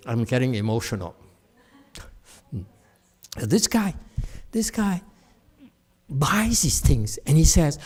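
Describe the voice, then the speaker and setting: A man's voice: sits high, lively intonation, a little slow, pauses often, darkish tone, husky. A middle-aged man, a Buddhist teacher, giving a chatty dharma lecture with digressive asides and frequent laughs. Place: temple hall.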